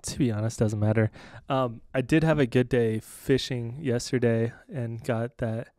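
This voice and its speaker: A man co-hosting a podcast, telling stories in an excitable, profane casual chat. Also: mid-range voice, moderate pace, dry recording, studio quality. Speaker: podcast co-host.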